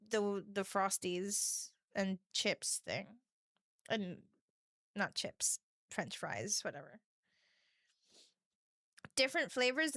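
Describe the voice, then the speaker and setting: Giggly, bright-voiced woman streamer. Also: a little high, no echo, studio quality. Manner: giggly and chatty, laughs often; reads viewer messages aloud. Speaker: livestreamer. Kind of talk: casual chat with a live audience.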